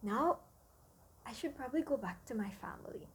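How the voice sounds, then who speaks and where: A woman's voice: on the high side, lively intonation, moderate pace, a little hiss or hum, close to an everyday voice. A woman voicing a greedy, hungry little male mouse in a children's story, whiny and pleading. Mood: greedy, whining.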